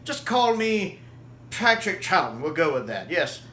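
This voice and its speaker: A whimsical, boastful male time traveller, as a man puts him on, chirpy and pleased with himself. The voice rides a touch higher than usual and rings bright. It sits in an echoey room with a faint hiss behind it. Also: very animated, measured pace, full character voice.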